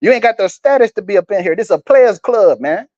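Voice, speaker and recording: High-voiced man preaching crudely. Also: animated, quick pace, a little mellow, dry recording, muffled recording. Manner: blunt, crude and rambling, often stumbling over words. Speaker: street preacher. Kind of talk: scripture reading with profane commentary.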